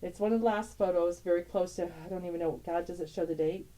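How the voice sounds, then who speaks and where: A woman's voice: fairly low pitch, quick pace, dark tone, low-quality recording. A middle-aged woman talking casually on her vlog, rambling tenderly with frequent laughs and broken-off sentences. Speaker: tarot channel host. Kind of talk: casual emotional vlog, showing family photos.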